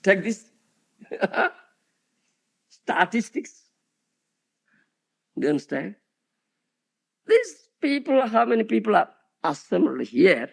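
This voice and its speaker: High, gravelly man giving a slow lecture. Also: sing-song, darkish tone. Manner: rhetorical questions with frequent "huh?" and "isn't it?" to the audience. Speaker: spiritual teacher. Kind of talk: devotional lecture.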